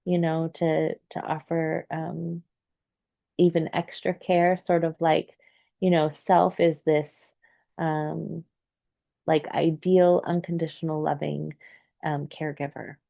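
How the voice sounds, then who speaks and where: A woman with a low, gravelly voice talks gently and unhurriedly, pausing often on fillers as she thinks. The sound is close and dry, a little dull and lo-fi. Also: level tone, dry recording. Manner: gentle, meandering, many fillers. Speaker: therapist. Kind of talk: reflective solo talk.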